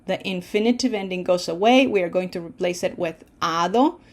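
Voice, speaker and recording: A woman's voice: lowish voice, a little fast. A woman teaching Spanish verb forms in English, explaining patiently step by step and checking in with "okay?". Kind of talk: online language lesson.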